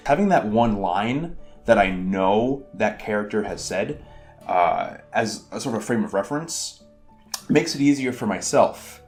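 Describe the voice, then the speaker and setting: A man's voice: lowish voice, lively intonation, unhurried. A man casually explaining how he voices characters in tabletop games, rambling and self-deprecating with many fillers. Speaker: channel host. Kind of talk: casual explanation of game mastering tips. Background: faint guitar music.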